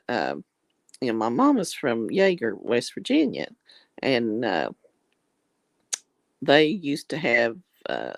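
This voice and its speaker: A woman's voice: low voice, gravelly, no room sound. A woman with an East Tennessee mountain drawl, chatting folksily with viewers on a livestream and calling them darling and honey. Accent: Southern US drawl, East Tennessee mountains. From East Tennessee, American South. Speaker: livestream host reading viewer comments. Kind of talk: casual livestream chat.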